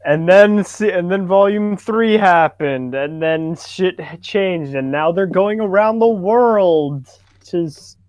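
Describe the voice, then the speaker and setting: A man's voice: sits high, slow pace, darkish tone, dry recording. A man co-hosting a stream, chatting casually and agreeing in a dry way. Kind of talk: casual chat.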